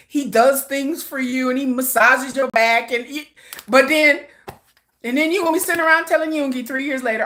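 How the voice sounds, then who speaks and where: A woman's voice: sits high, bright, forceful tone. A woman hosting a livestream, telling stories in a playful, gossiping chat and laughing often. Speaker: livestream host. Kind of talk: casual storytelling chat.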